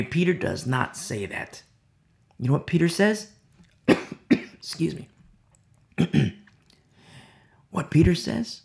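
A male preacher delivering a dramatic sermon, swinging from loud declarations to hushed whispers. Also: on the high side, lively intonation, unhurried, creaky, long pauses.

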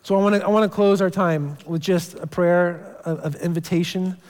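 Casual higher-voiced pastor in reverberant church. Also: male voice, fairly even intonation, moderate pace, darkish tone. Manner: casual storytelling with repeated restarts. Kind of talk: sermon. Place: church sanctuary. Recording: long church hall reverb.

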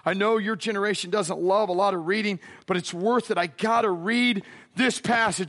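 A man's voice: high-pitched, normal speed, fairly bright tone. A man preaching a sermon, dramatic and casual, acting out the voices in a Bible story. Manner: casual slangy phrasing.

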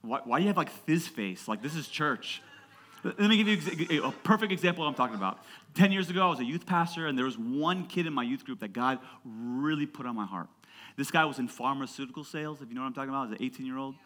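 A man in his thirties preaching a sermon to his church, emphatic and building to loud passionate peaks, calling on the congregation to answer back. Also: medium pitch, quick pace. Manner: call-and-response with the congregation. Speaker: pastor.

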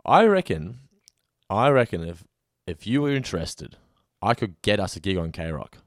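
Lively rambling man. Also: on the low side, moderate pace, no echo, clean studio sound. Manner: relaxed, rambling with frequent restarts. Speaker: podcast co-host. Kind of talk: casual chat.

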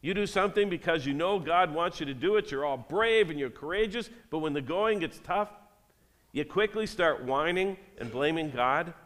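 A man's voice: fairly high pitch, animated, moderate pace, fairly bright tone. Man preaching with a long hall reverb. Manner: reads scripture aloud, then talks directly to the congregation. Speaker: pastor. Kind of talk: sermon.

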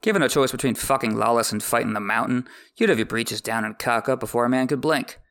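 A man's voice: medium pitch, fast talker, a bit bright, lightly acted. A man voicing a blunt, mercenary male sellsword who talks in a mocking, no-nonsense way.

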